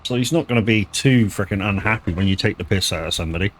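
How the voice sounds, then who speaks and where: Rambling man, lowish voice. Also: fast talker, a little hiss or hum. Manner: rambling, swears freely, lots of restarts and stammers. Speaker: live streamer. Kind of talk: casual gaming stream chat.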